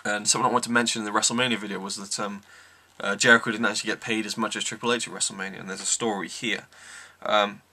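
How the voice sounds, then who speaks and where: A man's voice: fairly low pitch, flat delivery, fast, creaky, few pauses, sharp tone. A man giving an enthusiastic, rambling wrestling review, full of ums. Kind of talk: casual review monologue.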